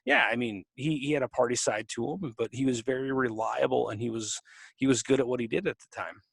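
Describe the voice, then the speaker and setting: A man's voice: mid-range voice, a little fast, creaky, slightly rough, no echo, clean studio sound. A man co-hosting a podcast in casual chat, rambling and restarting his sentences. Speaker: podcast co-host.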